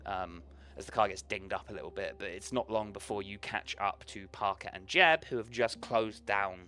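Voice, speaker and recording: A man's voice: fairly low pitch, normal speed, bright, forceful tone. A man narrating and running a tabletop horror game as game master, loose and casual with swearing and filler ums.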